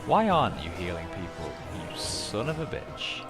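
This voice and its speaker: Lower-voiced man joking over game music. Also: moderate pace. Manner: excitable, joking, talks to the game. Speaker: gaming video host. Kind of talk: let's play commentary. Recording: loud game music behind.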